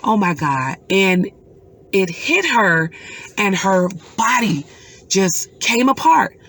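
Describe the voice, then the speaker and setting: A middle-aged woman, a mother, telling a personal story in an earnest, emotional way with pauses. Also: medium pitch, big pitch swings, a bit bright, slightly rough. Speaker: mother recounting a dream.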